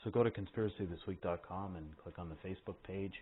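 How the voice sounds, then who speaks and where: A man's voice: deep voice, quick pace. A man hosting a show in a rambling, foul-mouthed monologue. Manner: rambling, heavy swearing. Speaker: host. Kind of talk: casual podcast monologue. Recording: tinny phone-like line with faint hiss.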